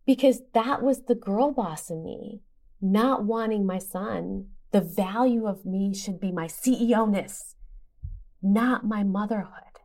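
A woman in her forties, a podcast guest telling a personal story in a lively, animated way with quick asides. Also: mid-range voice. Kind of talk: podcast conversation.

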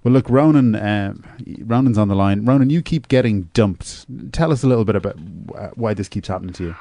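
A man hosts a comedy phone-in with patient deadpan. His voice is lowish and recorded dry in a studio. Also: fairly quick, dry recording. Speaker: radio show host.

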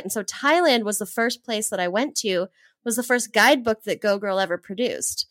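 A woman's voice: medium pitch, moderate pace, a bit bright, no room sound. A woman in her thirties from Hawaii, a guest telling travel stories with enthusiasm, laughing often and acting out her own past thoughts. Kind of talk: animated storytelling in an interview.

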